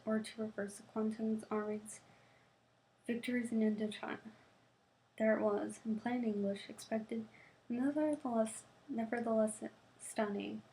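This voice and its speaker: A woman's voice: on the high side, dark tone, low-quality recording. A young woman, a student, reading a novel aloud, often tripping and restarting words and adding casual asides. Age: young adult.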